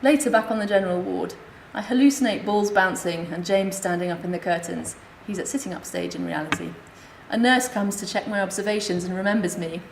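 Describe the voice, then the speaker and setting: A woman speaking at a conference, reading her comic memoir aloud in a wry, deadpan way. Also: medium pitch, brisk, few pauses. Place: hospital conference room. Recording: echoey lecture room, faint hiss.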